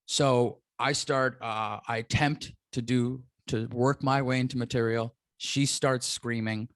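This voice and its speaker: A man's voice: medium pitch, fairly even intonation, measured pace, hardly any pauses, fairly bright tone, dry recording, clean studio sound. A man telling a story in a casual podcast chat, acting out the people he quotes. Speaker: comedian guest.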